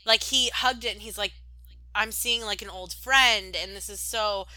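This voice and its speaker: Gushing, chatty young woman, bright voice. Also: medium pitch, normal speed, no room sound, poor audio. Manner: gushing, rambling, many "like"s. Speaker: podcast co-host. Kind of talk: casual chat.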